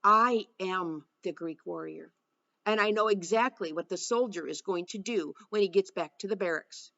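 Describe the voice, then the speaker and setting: A woman narrating a first-person novel aloud with a steady storytelling delivery. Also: medium pitch, moderate pace, gravelly, muffled recording. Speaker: audiobook narrator.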